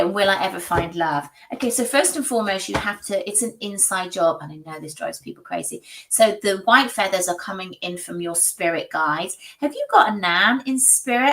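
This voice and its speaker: A woman's voice: medium pitch, fairly bright tone, recorded from a distance, rough recording. A British woman streaming psychic readings, chatty and emotional, often restarting her sentences. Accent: British English.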